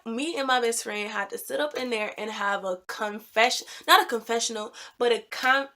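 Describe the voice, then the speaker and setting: A young woman with a slightly high voice tells a personal story to her vlog audience. She is animated and emphatic, pushing hard on the moments that excite her. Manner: animated, emphatic storytelling with loud reenacted quotes. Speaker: vlogger.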